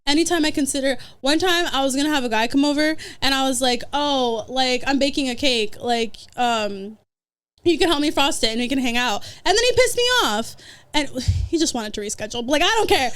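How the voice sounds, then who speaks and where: Young woman, podcast guest, high voice, swings up and down a lot, animated, swears casually. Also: brisk, clear, resonant tone. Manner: animated, swears freely, laughs through stories. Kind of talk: casual chat, storytelling.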